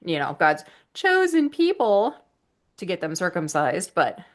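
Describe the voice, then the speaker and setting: A woman co-hosting a casual podcast who talks bluntly and cracks crude jokes. Her voice sits somewhat low. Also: wildly swooping pitch, a little slow. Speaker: podcast co-host.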